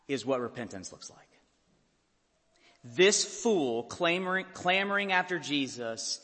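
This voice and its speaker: A man preaching a sermon as a pastor, impassioned and building to loud peaks. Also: mid-range voice. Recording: long hall reverb.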